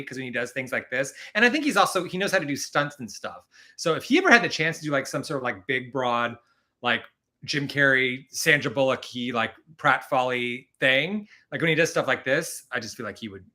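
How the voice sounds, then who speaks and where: Bright-toned man, rambly live-stream host, mid pitch, chatty and quick to laugh. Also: expressive. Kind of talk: casual live-stream chat.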